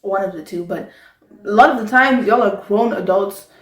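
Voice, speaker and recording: A young woman talks straight to camera, animated and exasperated, her voice leaping high to press a point. She sits back from the mic. The room gives a roomy ring to her voice. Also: moderate pace, recorded from a distance. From South Africa. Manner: animated, exasperated, pitch jumps high when making a point. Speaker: vlogger. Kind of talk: casual talk to camera.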